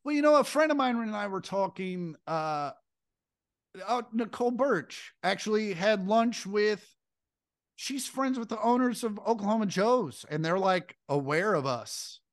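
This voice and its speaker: A fairly high-voiced man co-hosting a podcast in a rambling, profane, casual way. He jumps into animated impressions now and then. The sound is dry and close. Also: measured pace, no echo. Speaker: podcast co-host.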